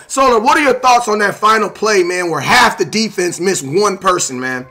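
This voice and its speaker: High, bright-voiced sports stream host man. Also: normal speed, hardly any pauses. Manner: animated, repeats "man" and "bro", rising to shouts. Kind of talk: casual sports talk.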